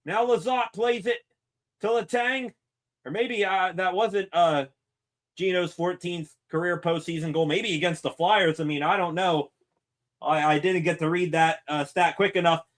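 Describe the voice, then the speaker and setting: A man hosting a sports channel gives excited, live play-by-play reactions, rambling with fillers and correcting himself. His voice sits high, and he speaks unhurriedly.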